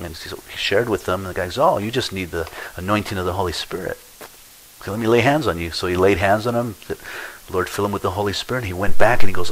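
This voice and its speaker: Low-voiced man preaching a conversational sermon. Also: fairly bright tone, low-quality recording. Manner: conversational Bible teaching with storytelling asides. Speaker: pastor.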